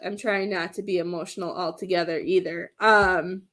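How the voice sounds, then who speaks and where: A woman's voice: fairly low pitch, fairly even intonation, normal speed, a bit bright. A woman doing a live-stream reading as a medium, talking in a rambling, hesitant way and searching for words. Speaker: psychic medium.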